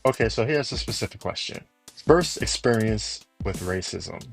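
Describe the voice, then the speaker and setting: Gravelly low-voiced man moderating. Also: expressive, normal speed, soft background music. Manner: brief reactions and prompting questions. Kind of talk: casual group discussion.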